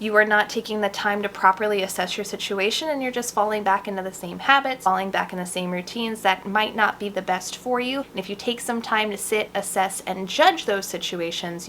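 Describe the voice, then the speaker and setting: A woman's voice: mid-range voice, bright, forceful tone, slight background noise, low-quality recording. A woman hosting her own vlog, talking in a casual, earnest and heartfelt way as she explains a tarot card and the art she is making for it. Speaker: vlogger and tarot artist.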